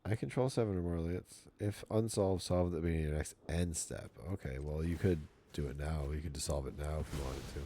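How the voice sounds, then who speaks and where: Low husky dude streaming a card game, goofy and self-mocking, talks to chat. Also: male voice, a little fast, few pauses, mellow. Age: middle-aged. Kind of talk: casual game stream commentary.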